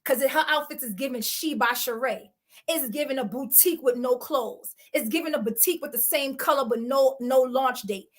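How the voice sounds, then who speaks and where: A woman sits in as an interview guest and tells her story bluntly, full of sass and slang. Her voice sits high and lively. She leans hard on her points and does not soften them. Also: moderate pace. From New York. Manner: blunt, sassy, emphatic retelling with slang. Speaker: reality show cast member, guest.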